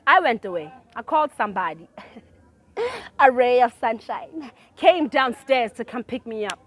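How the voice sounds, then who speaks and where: A woman telling a personal story in casual chat. She swings from low mutters to loud outbursts and often laughs as she talks. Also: sing-song, unhurried, no room sound. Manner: laughs through her own story.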